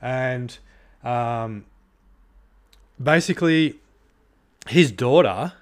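A male podcast host speaking alone to his listeners, worked up and blunt. He swears freely and fills his pauses with "um" and "you know." His voice sits at an ordinary middle pitch. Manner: heated, swears often, many fillers. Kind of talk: solo podcast monologue.

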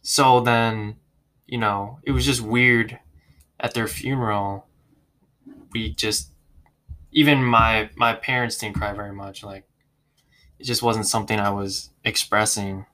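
A man's voice: lowish voice, fairly even intonation, measured pace, pauses often, pushed and bright. A man in casual conversation, thoughtful and questioning, with many filler words. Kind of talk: casual chat.

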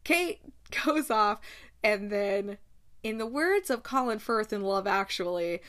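A woman hosts a casual book-chat podcast in a bubbly, gushing way. She darts into quick asides and laughs often. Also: medium pitch, expressive, a bit bright. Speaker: podcast host.

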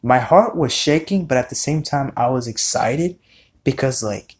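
A young man spins a casual storytime for his viewers in an everyday middle-pitched voice. He rambles, swears freely and leans on fillers and restarts as he goes. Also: lively intonation, moderate pace. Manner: rambling, profane, many fillers. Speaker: vlogger.

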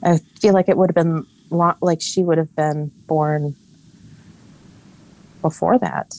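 A woman co-hosting a podcast in casual chat, teasing her friend with playful, quick quips. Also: sits low, steady tone, a little mellow. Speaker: podcast co-host.

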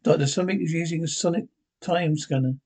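A man with a husky voice reading the lines of an eccentric male time traveller, naming the character before each line. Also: fairly high pitch, fast talker, darkish tone. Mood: brisk.

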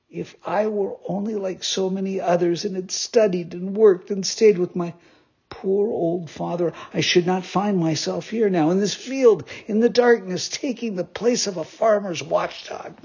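A frightened puppet boy with a high, pleading voice that keeps breaking into sobs, put on by a woman reading a storybook. The voice is husky and raspy. The recording sounds dull and lo-fi. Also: warm tone. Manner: sobbing, pleading. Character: puppet boy, scared and tearful.

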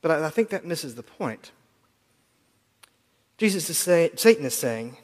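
A man preaching a sermon in a reflective, earnest way, dropping to quiet asides at times. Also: on the high side, sing-song, unhurried, long pauses. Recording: long hall reverb.

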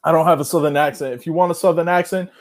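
A high-pitched young man hams up an ad read on a casual podcast. He is loud and playful, joking with his co-host between the lines. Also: steady tone, very fast. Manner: loud, hyped, jokey. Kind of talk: casual podcast banter with ad reads.

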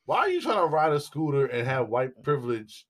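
Animated, laughing man. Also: mid-range voice, fairly quick. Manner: loud, laughing, swears a lot. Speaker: podcast co-host. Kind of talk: casual chat.

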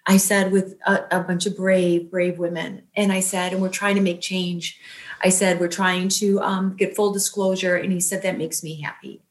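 A woman in her fifties tells an emotional personal story with an earnest, halting delivery and plenty of fillers. Her voice sits fairly low, and the recording rings with room echo. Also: level tone. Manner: earnest, halting, many fillers, voice rising when quoting herself. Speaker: guest telling her story.

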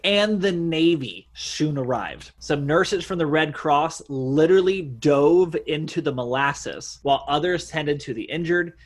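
A man's voice: a little high, lively intonation, a little slow, hardly any pauses. A man co-hosting a casual podcast, steadily recounting a story and joking along. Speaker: podcast co-host telling the story.

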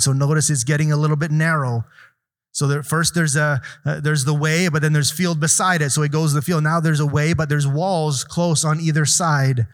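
Guy preaching in a church, reads the verses then explains them, bit of a high voice. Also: a bit bright. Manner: reads verses aloud, then explains with asides and questions to the congregation. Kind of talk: sermon with scripture reading.

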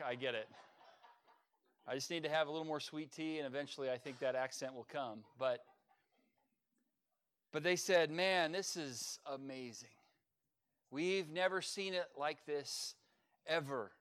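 A man preaching a sermon as pastor, earnest, with sudden swells in loudness. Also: fairly high pitch, clean tone. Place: church service.

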